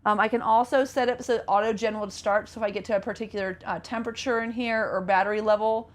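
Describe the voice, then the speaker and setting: A woman's voice: mid-range voice, steady tone, fast talker. A woman giving a casual, chatty walkthrough of a motorhome as a presenter, enthusiastic and full of fillers. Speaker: RV sales presenter. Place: inside a motorhome.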